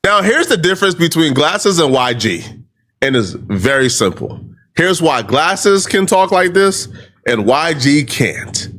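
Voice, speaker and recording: A male commentator with a slightly high voice whose pitch swings widely. He explains his point step by step with lively energy. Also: a little slow. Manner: animated, explains step by step, breaks into laughter.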